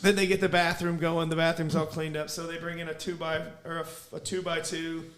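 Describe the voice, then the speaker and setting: A middle-aged man, a podcast co-host, telling a family story in casual chat, animated and often laughing. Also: fairly high pitch, brisk.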